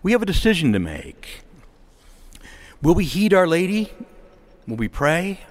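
A man's voice: a little high, very animated, unhurried. A middle-aged man preaching a sermon, impassioned and rising to emphatic exhortation.

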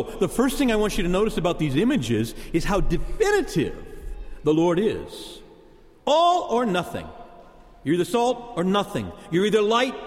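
A man preaching a sermon as pastor, emphatic and repeating key words for punch. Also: high-pitched. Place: church. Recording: long church reverb.

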